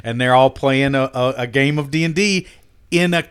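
A man's voice: mid-range voice, moderate pace, fairly bright tone, clear, resonant tone. A man telling stories in a casual chat, loose and chatty, swearing now and then.

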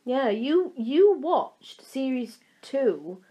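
A woman's voice: high voice, very animated, husky, highs cut off. A young woman with a Yorkshire accent talks casually as a podcast co-host. She teases her friend, keeps the talk moving and often jumps in mid-sentence. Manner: teasing, talkative, quick to interrupt. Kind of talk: casual chat.

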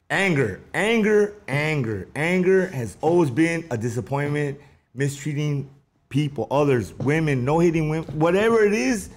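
A middle-aged man talking in a rambling, animated way as the guest of a street interview, slipping into rhymes and Spanish asides. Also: on the high side.

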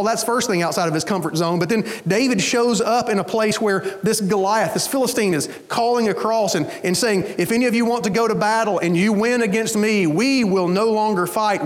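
A man preaching a sermon, telling the story in an animated way, with casual asides. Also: sits high. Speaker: pastor.

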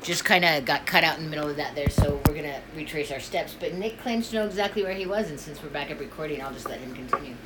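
A woman's voice: sits low, fast talker, hardly any pauses. A woman hosting a casual chat, asking probing, skeptical questions. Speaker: podcast host. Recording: audible background noise.

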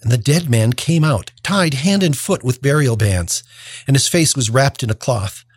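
A man's voice: medium pitch, expressive, moderate pace, no room sound. A man reading a gospel passage aloud, then preaching a homily in an earnest tone, often restarting his phrases.

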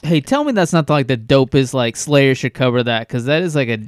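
A man's voice: mid-range voice, lively intonation, fairly quick, a little hiss or hum. A man co-hosting a casual chat, retelling a story with frequent hesitations. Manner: hesitant storytelling with many "um"s and restarts. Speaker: podcast co-host.

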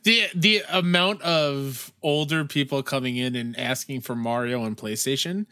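A man's voice: medium pitch, moderate pace, sharp tone, dry recording, clean studio sound. A man in casual chat, venting in an exasperated, sarcastic way.

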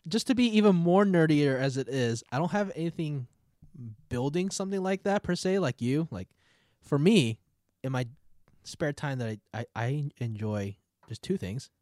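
A man's voice: on the high side, animated, moderate pace, a little mellow, no echo. A young man chatting casually with a friend, laid-back and brief. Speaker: friend in conversation. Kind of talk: casual chat.

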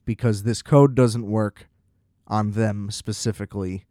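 A man's voice: lowish voice, steady tone, a little slow, mellow, no echo, clean studio sound. A young man ranting in a casual, exasperated and profane monologue as a podcast host.

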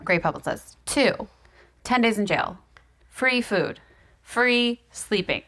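A woman's voice: mid-range voice, animated, slow pace, vocal fry, bright, forceful tone. A woman co-hosting a casual podcast, chatty and joking, who often interrupts and swears. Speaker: podcast co-host. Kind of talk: casual chat.

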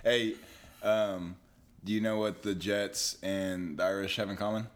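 A man's voice: fairly low pitch, unhurried. A young man in casual podcast banter, teasing and swearing freely. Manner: teasing, profane, very animated. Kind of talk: casual chat.

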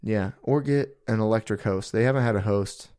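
Young guy chatting on a podcast, lowish voice, swears a lot, quick jokes. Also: darkish tone, clear, resonant tone. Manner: swears casually, quick joking asides. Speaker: podcast co-host. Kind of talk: casual chat.

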